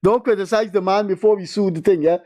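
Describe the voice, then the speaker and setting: High-voiced Guyanese radio host. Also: male voice, quick pace, dark tone. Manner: exasperated, rambling commentary. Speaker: call-in show host. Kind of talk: call-in radio talk.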